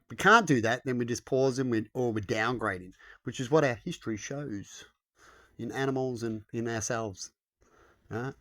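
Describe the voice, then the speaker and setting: A man's voice: medium pitch, moderate pace, a bit bright. Man musing aloud, rhetorical. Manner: rhetorical, keeps asking "right?". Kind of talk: casual musing monologue.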